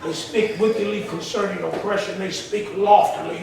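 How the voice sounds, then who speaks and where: A man's voice: sits high, steady tone, moderate pace, vocal fry, hardly any pauses, crowd noise. A man preaching a sermon with call-and-response, emphatic and colloquial, heard in a church hall. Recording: roomy echo, from far off the mic.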